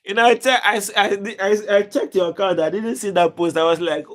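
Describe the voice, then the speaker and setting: This African man's voice is high-pitched and fairly quick, with fairly even intonation. During a casual live stream he jokes with viewers, reads comments aloud playfully, chuckles, and tends to repeat words when starting.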